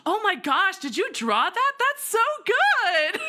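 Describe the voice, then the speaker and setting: A woman streaming a game, giggly and excitable, reading the narration aloud and talking to chat. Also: high voice, takes it slowly, hardly any pauses.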